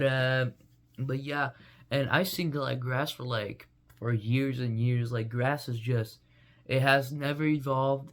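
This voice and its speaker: A young man vlogging in a rambling, goofy casual monologue full of fillers. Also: medium pitch.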